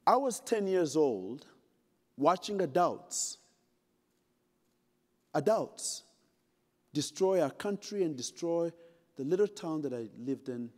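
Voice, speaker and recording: Dramatic Ugandan-born keynote speaker in a hall. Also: male voice, on the high side, lively intonation, normal speed, darkish tone. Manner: dramatic, humorous, addresses the audience directly. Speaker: conference speaker. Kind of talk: storytelling keynote speech. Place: large conference hall. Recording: long hall reverb.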